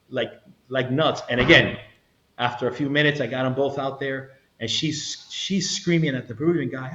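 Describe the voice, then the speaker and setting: Animated older man telling war stories. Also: medium pitch, fairly quick. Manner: animated storyteller acting out quoted voices. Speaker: guest, retired federal agent. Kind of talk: storytelling interview. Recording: echoey room, slightly dull sound.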